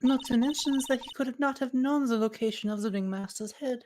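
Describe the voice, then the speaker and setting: A woman's voice: on the high side, a little fast, noisy background, close to an everyday voice. A woman voicing a condescending young female prosecutor in a fan read of a game, speaking curtly. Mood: haughty. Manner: curt and condescending.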